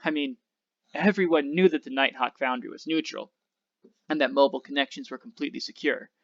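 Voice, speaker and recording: A male teacher reads a novel aloud to his class in a steady, expressive way, on a slightly dull recording. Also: medium pitch, fairly quick.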